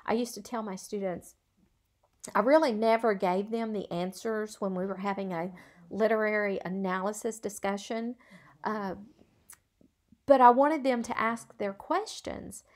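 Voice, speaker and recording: Earnest, slightly high-voiced woman lecturer. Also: unhurried. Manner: earnest, conversational, frequent "um" and "uh" fillers. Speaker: college instructor, former schoolteacher. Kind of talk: recorded video lecture.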